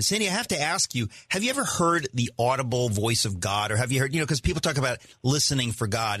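A man's voice: medium pitch, a bit bright, no room sound, studio quality. A man hosting a radio talk show in casual, eager chat, laughing often and restarting his sentences.

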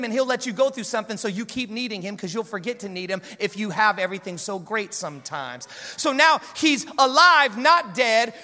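A man preaching as a guest pastor, joking and animated. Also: very high voice, big-room sound. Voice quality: animated, joking, loud storytelling. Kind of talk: sermon.

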